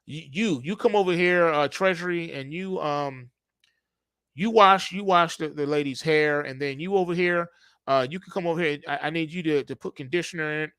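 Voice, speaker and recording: A man's voice: fairly high pitch, normal speed, fairly bright tone, clear, resonant tone, no echo, close to an everyday voice. A man doing a harried beautician barking orders. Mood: bossy.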